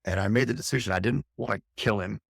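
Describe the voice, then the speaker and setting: A man's voice: on the low side, fast talker, gravelly, fairly bright tone, husky, no echo, studio quality. A middle-aged man, a fire captain, recounting a harrowing experience intensely and candidly in an interview, often restarting his phrases. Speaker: fire captain, podcast guest.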